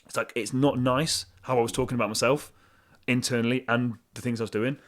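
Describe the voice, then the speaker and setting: A man's voice: mid-range voice, steady tone, fairly quick. A man guest on a podcast, telling his story candidly and with self-deprecating humour. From England.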